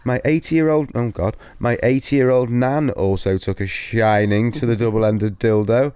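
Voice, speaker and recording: A man's voice: medium pitch, a little slow, dark tone, smooth, no echo. A man co-hosting a podcast, reading listener stories aloud in a giggly, casual way. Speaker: podcast co-host.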